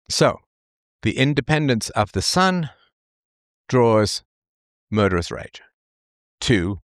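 A commentator with a fairly low voice delivers a rambling, emphatic opinion monologue, often repeating himself and brushing details aside with dismissive asides. The sound is clean studio audio with no echo.

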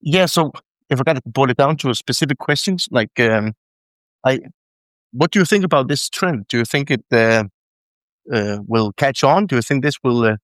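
A man calls into a talk show and asks a question in a rambling, halting way, full of ums and restarts. His voice sits at a middle pitch. The sound is dry, with no room echo. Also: expressive. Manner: rambling, halting, many fillers. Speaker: caller. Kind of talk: call-in question.

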